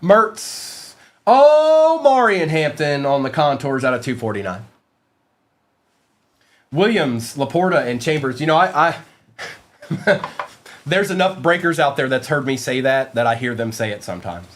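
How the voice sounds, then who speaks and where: A man's voice: mid-range voice, moderate pace, long pauses, fairly bright tone. A man hosting a live card-break stream, calling out cards while chatting and joking with his viewers. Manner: joking, playful asides to chat.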